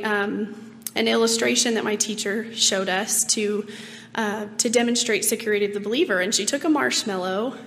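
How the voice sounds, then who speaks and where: A hoarse woman in her late twenties giving an earnest, reflective personal faith testimony, with many ums. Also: fairly high pitch, fairly bright tone. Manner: earnest and reflective, with frequent ums and light laughs. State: hoarse, rough-voiced. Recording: long reverb, faint background noise.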